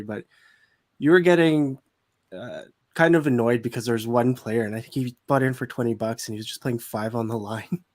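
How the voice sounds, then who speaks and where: Chuckling man co-hosting a podcast. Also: medium pitch. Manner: chuckling, chatty, reads out listener messages. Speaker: podcast co-host, casino dealer. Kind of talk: casual podcast chat.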